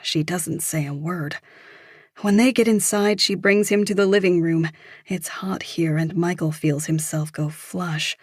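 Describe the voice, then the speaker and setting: A woman narrating a thriller audiobook in a measured, even reading. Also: lowish voice, no echo, clean studio sound. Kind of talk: scripted narration.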